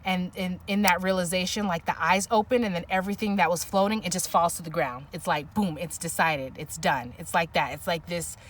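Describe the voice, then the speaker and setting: A woman's voice: lowish voice, brisk, hardly any pauses, distant mic, slight background noise. A woman doing an intuitive tarot reading, musing aloud and searching for words, with many restarts. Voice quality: soft, emotional at times. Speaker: tarot reader.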